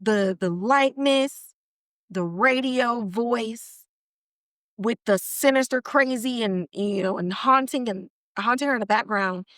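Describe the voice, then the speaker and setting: A woman hosts a podcast and recaps a TV episode in loose, slangy, animated storytelling. Her voice sits fairly high, and the recording is dry and close. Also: takes it slowly, no echo. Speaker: podcast host. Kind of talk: casual TV recap chat.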